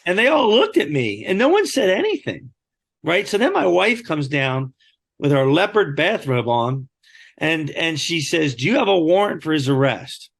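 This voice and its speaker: A podcast guest with a gravelly voice on the high side tells a story at a moderate pace in conversation. He delivers it animatedly, acting out the quoted lines.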